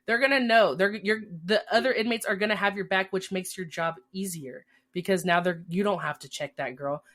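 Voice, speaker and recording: A woman's voice: medium pitch, fairly quick, fairly bright tone. A young woman co-hosting a podcast who is also a corrections officer, speaking casually, agreeing often and finishing her partner's sentences. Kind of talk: casual conversation.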